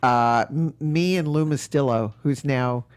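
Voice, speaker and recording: A woman's voice: a bass voice, a little slow, darkish tone. A woman hosting a podcast, telling stories in a casual, laughing way. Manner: chatty, laughing, storytelling. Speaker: podcast host. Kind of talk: casual conversational interview.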